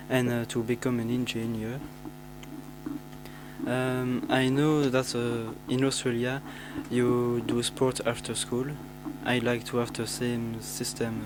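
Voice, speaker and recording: A teenage boy introduces himself to pen pals, halting with many restarts and fillers. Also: medium pitch, noisy background. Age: teens. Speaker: student.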